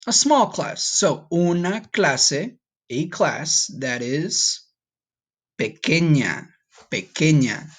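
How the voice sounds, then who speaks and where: A man's voice: a little high, fairly bright tone. A man teaching a recorded Spanish vocabulary lesson, patiently breaking words down, having students repeat after him and checking in with "okay?".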